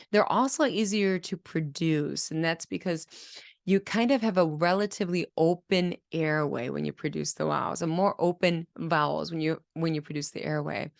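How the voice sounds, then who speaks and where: Low-voiced woman teaching speech therapy. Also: no echo, studio quality. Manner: clear, explanatory, demonstrates children's sounds aloud. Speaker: speech-language pathologist. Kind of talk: teaching video lesson.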